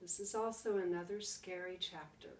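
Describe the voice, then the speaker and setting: A woman teacher reading a storybook aloud to her class, slow and dramatic, with hushed pauses. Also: fairly low pitch, steady tone, a little hiss or hum. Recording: roomy, distant mic.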